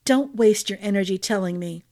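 A woman reading aloud voices a bitter, manipulative prince, speaking slowly with a cold snarl. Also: medium pitch, darkish tone, no echo, studio quality, close to an everyday voice. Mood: scornful.

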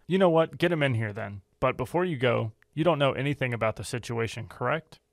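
A man playing an investigator questioning diner staff with brisk, commanding questions. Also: mid-range voice, vocal fry, no room sound, clean studio sound, close to an everyday voice. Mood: brusque.

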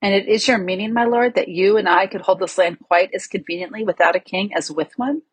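A woman reading the part of a cunning, smooth-talking male lord with a measured, insinuating manner. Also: mid-range voice, no room sound.

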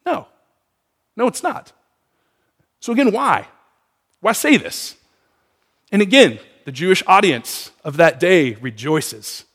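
A man preaching a sermon, asking the congregation questions in an animated way. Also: high voice, a little slow, in a large hall. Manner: animated, asks the room questions. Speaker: pastor.

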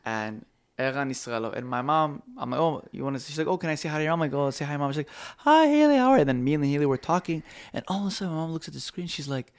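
A young man co-hosting a podcast, telling stories in a casual, animated way and acting out the people he quotes. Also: fairly high pitch, rapid-fire, no room sound, clean studio sound. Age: young adult. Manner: animated storyteller who acts out quoted voices. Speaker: podcast co-host. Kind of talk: casual chat.

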